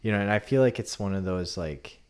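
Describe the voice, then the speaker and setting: Man, deep-ish voice, casual storytelling, relaxed, sometimes quiet. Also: fairly quick, clean tone. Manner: relaxed retelling, often drops to a quieter tone.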